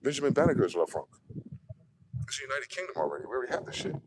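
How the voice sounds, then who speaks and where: A man's voice: medium pitch, sing-song, racing, very noisy. A man ranting in a profane, combative monologue, asking questions and answering them himself. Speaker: online video host.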